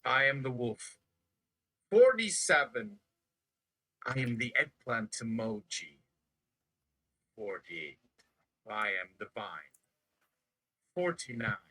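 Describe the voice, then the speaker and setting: A man's voice: medium pitch, bright, forceful tone, poor audio. A man on a live stream reciting numbered declarations one after another in a chanting manner. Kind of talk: slow counting recitation.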